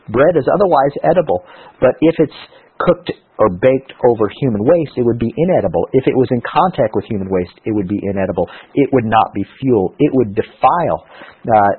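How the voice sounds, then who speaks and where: A man reading scripture aloud and then teaching on it, halting often with fillers and restarts. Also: medium pitch, husky. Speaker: preacher. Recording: tinny phone-like radio sound.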